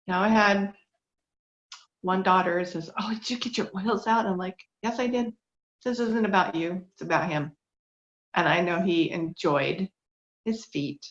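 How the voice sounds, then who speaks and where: Earnest woman, dull lo-fi sound. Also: fairly low pitch. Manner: emotional, earnest, fights back tears with small laughs. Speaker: speaker sharing a testimony. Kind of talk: heartfelt faith-based talk. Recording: dull lo-fi recording.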